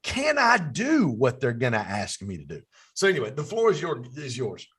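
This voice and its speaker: A man hosting a podcast, telling stories in a casual, animated way, his voice leaping up when he gets excited. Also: medium pitch, moderate pace, slightly rough. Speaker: podcast host. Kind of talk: casual interview chat.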